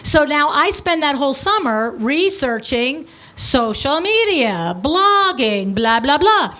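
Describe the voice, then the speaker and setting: This high-voiced, middle-aged woman owns an interior design business and hosts a podcast. She spins a casual story in a breezy, blunt, animated manner, dropping quick asides as she talks.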